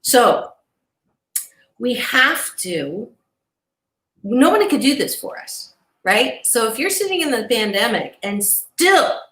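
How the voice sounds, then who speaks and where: A woman motivational speaker and psychologist giving an animated, emphatic inspirational talk as an interview guest, laughing between points. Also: medium pitch, roomy sound.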